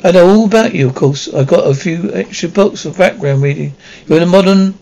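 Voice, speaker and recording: A man voicing a bossy, fast-talking schoolgirl witch in an audiobook reading, a little raised in pitch. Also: creaky, darkish tone, poor audio.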